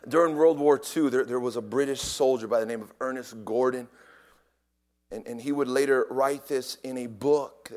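A man preaching a sermon, telling a story with big swings from shouting to near whispers and a habit of repeating his words as he starts. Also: medium pitch.

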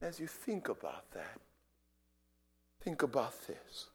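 A man preaching a sermon, telling a story with big swings from shouting to near whispers and a habit of repeating his words as he starts. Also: medium pitch, big pitch swings, slow pace, pauses often, husky.

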